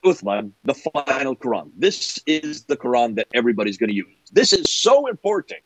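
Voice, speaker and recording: A middle-aged man holds forth as a guest, his pitch leaping up and down as he builds his case. His voice has a light husky edge, and the sound is dry and close. He keeps asking, half incredulous, whether you are following. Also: very animated, a little fast, no room sound, rough recording. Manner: incredulous, asks if listener follows. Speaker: guest speaker. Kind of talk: animated explanatory talk.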